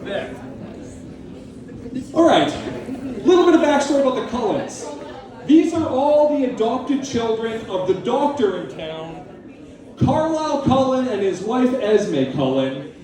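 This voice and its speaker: A man's voice: very high voice, big pitch swings, measured pace, long pauses, mellow. A male stand-up comedian on stage at a live comedy venue, manic, profane and sardonic. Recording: echoey live room, from a distance.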